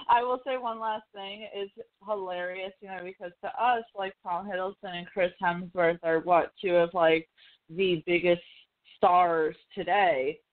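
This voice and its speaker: A woman's voice: fairly low pitch, steady tone, measured pace. A woman hosting a podcast, chatting casually about films, swearing freely and acting out quotes. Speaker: podcast host. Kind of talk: casual pop-culture chat. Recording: tinny phone-like call audio.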